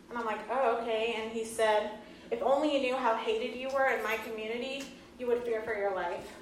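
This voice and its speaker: A woman's voice: on the high side, steady tone, a little fast, slight background noise. A woman in her thirties, earnest and often laughing, telling a personal story to an audience. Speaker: speaker giving a talk. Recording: echoey hall from far off.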